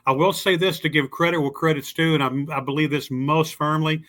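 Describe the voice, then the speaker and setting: Guy guest telling folksy stories, kinda high pitch, drawls, does little voices for people. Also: fairly even intonation, fairly quick, a bit bright. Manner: folksy, drawling storyteller who acts out the voices of people he met. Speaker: podcast guest. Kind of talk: casual storytelling. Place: lives in Louisville.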